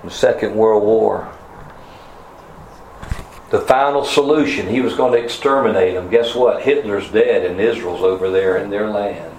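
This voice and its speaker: A man preaching a sermon, fervent, his voice swinging from soft, slow passages to loud, rising emphasis. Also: fairly low pitch, slight background noise. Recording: echoey room with faint ambience.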